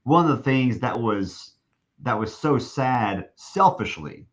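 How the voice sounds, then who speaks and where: A man spinning a long anecdote on a podcast, full of false starts and little acted-out quotes. His voice sits at an ordinary pitch and comes through slightly dull and muffled, like a modest remote setup. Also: expressive, slow pace. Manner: rambling with many restarts, acting out quoted speech. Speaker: guest, stadium announcer. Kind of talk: storytelling in a podcast interview.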